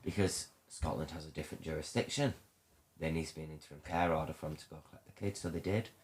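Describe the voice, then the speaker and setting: A man, telling a painful personal story in a halting, emotional way. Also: rumbling low, fairly even intonation, slightly rough. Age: 30s. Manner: emotional, halting, many restarts. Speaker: podcast guest.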